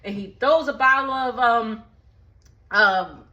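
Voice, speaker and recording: Woman, casual recap host, lively slangy storytelling, crisp bright voice. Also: fairly high pitch, slow pace, lo-fi sound. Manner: chatty, slangy, animated retelling with asides. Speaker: movie recap vlogger.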